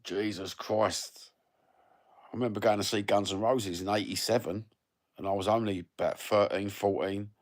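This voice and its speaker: Fifties geezer, very deep voice, laid-back sweary banter with viewers. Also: male voice, fairly even intonation, brisk. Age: 50s. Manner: sweary, blokey banter with lots of fillers. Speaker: livestreamer reading viewer comments. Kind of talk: casual rambling chat.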